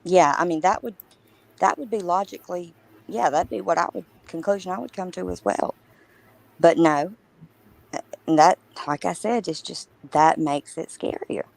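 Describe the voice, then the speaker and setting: A woman's voice: fairly low pitch, normal speed, creaky, darkish tone, poor audio. A woman co-hosting a casual true crime livestream, talking emphatically and indignantly with many restarts.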